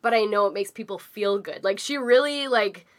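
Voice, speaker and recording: A woman's voice: medium pitch, normal speed. A young adult woman co-hosting a podcast, telling stories in casual chat and swearing freely. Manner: chatty storyteller, swears freely. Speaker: podcast co-host.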